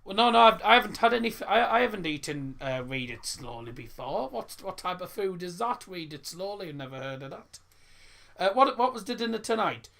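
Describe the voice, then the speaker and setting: A man's voice: high voice, animated, fairly quick, vocal fry, pushed and bright. A young man, hosting a casual live football stream and rambling through stories and viewer messages with lots of restarts. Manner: rambling, stumbles and repeats words.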